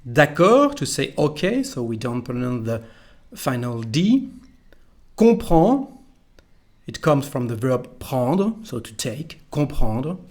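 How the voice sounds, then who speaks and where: A man with a French accent, a native French speaker, teaching a pronunciation lesson slowly and carefully, repeating each phrase for the learner. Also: medium pitch, big pitch swings, a little mellow.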